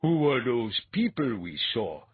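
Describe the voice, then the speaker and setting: A man's voice: medium pitch, very animated, slow, breathy edge, heavily acted. A man reading an audiobook, voicing a frightened, incredulous grown man who protests. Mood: protesting. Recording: tinny phone-like sound, dry.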